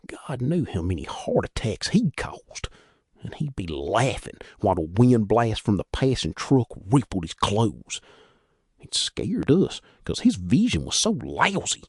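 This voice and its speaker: A man reading a story aloud in an expressive, conversational way. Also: medium pitch, husky, no room sound, clean studio sound. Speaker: audiobook reader. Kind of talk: storybook narration.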